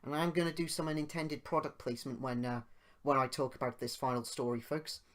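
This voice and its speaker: A man's voice: medium pitch, steady tone, brisk. A British man hosting a podcast, rambling through a personal story with tangents and growing indignant as he retells it. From United Kingdom. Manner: grows loud and indignant while retelling. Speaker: podcast host.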